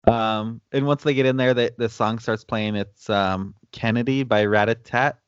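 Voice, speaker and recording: A man's voice: mid-range voice, steady tone, moderate pace, clean tone, no echo, dull audio. A man co-hosting a casual movie recap chat, laid-back, with ums and laughs. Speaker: podcast co-host.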